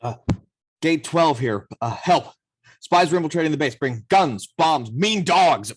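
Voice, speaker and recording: A man doing a husky adventurer's fake radio alarm. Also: a little high, animated, a little slow. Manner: loud, hesitant, with filler sounds. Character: adventurer hero faking a panicked radio call.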